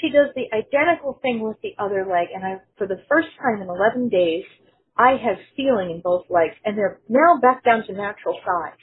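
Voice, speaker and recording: A woman's voice: medium pitch, animated, fairly quick. A woman sharing a personal testimony in an earnest storytelling manner, quoting others in her own voice. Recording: phone-like narrow sound.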